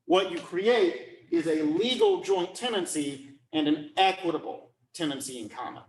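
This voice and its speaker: A man's voice: a little high, normal speed, reverberant. A man lecturing on law, explaining step by step and often checking whether students follow. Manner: checks understanding often, repeats phrases.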